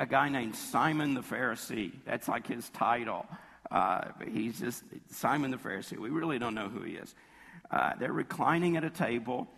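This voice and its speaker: Hoarse, gravelly male preacher in a reverberant hall. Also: fairly bright tone. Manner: conversational storytelling, acts out quotes with jumps in pitch. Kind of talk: sermon.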